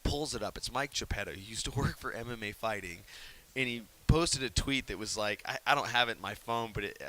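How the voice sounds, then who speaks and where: A man telling a story in a casual interview, animated and laughing, acting out quotes in hushed whispers. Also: medium pitch, brisk. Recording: faint hiss.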